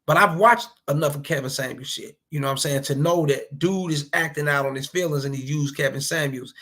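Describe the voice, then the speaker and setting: A man's voice: on the high side, brisk, pushed and bright. A man giving casual reaction commentary, blunt and profane, lecturing other men with preachy advice. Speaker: commentary vlogger.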